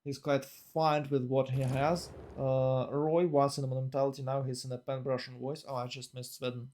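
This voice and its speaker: A man casting a strategy game tournament live, talking in a rambling, excitable way full of fillers and restarts. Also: mid-range voice, fairly quick. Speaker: tournament caster. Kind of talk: live esports commentary.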